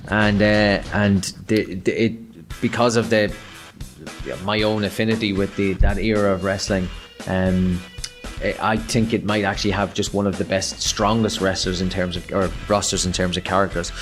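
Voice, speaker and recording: A man's voice: low-pitched, flat delivery, soft background music. A man with an Irish accent co-hosting a podcast in a casual, rambling chat, often restarting his sentences. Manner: rambling, halting, many restarts. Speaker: podcast co-host.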